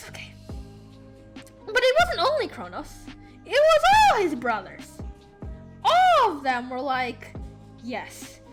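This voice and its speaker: Rambling, animated young-sounding woman storyteller. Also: high voice. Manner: rambling, self-correcting, easily sidetracked. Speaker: storyteller and artist. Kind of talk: rambling storytime while drawing.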